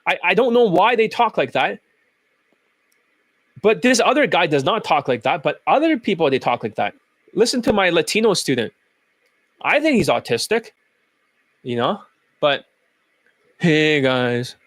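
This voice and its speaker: A man's voice: high voice, sing-song, moderate pace, pauses often, fairly bright tone, dry recording. A man who coaches dating, ranting in a profane, mocking way about other coaches. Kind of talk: ranting video commentary.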